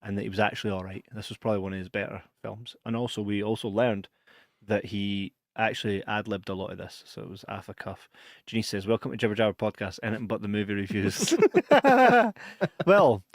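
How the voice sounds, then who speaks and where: A man's voice: on the low side, a little fast, vocal fry, dry recording. Scottish male podcast co-host, sweary laughing storyteller, dry close sound. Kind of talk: casual chat.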